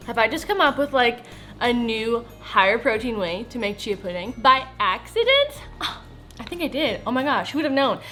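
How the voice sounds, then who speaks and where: A woman's voice: fairly high pitch, sing-song, moderate pace, bright, forceful tone, faint music behind. A woman chatting casually in a home cooking vlog, bubbly and gushing over her meals. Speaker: food vlogger.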